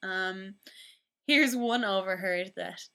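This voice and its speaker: A woman's voice: mid-range voice, slow, fairly bright tone, clear, resonant tone. A woman co-hosting a podcast, chatting casually and laughing often. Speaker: podcast co-host.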